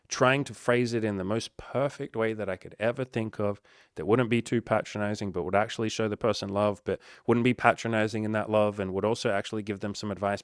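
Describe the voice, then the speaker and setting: Male vlogger, lower register, rambling reflective monologue, salty language, dead-dry room. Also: no room sound. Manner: emphatic, heavy swearing. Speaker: life coach and vlogger. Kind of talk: candid monologue to camera.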